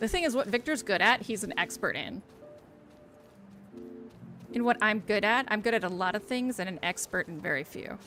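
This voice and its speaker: A woman's voice: medium pitch, expressive, moderate pace, pauses often, pushed and bright, faint music behind. A woman streamer chatting casually while she plays, teasing her friend and swearing freely. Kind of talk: casual live-stream chat while gaming.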